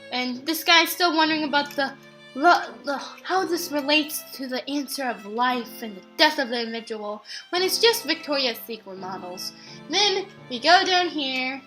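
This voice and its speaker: High, bright-voiced young woman gamer. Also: moderate pace, soft background music. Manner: chatty, excitable, acts out characters' lines. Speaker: gaming channel host. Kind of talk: let's play commentary.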